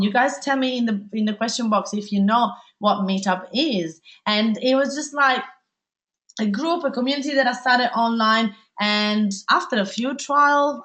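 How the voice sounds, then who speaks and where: An Italian-accented woman hosts a live online webinar, talking eagerly and chattily to her audience. Her pitch sits at an ordinary middle height for a woman, and she often checks in with a questioning "right?". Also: a bit bright. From Italy. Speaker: webinar host, life coach.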